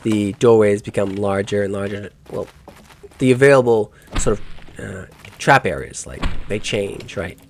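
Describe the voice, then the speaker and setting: A gaming YouTuber with a fairly low, unhurried voice provides let's play commentary, musing aloud in rambling asides and correcting himself as he goes. Slight background noise is audible.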